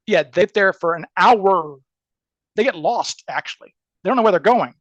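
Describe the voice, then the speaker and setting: A man telling a story in casual podcast chat, animated and chatty, acting out the people he quotes with lots of "like" and quick restarts. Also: high-pitched, no room sound, highs cut off. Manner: animated, acts out quoted people with shifting voices.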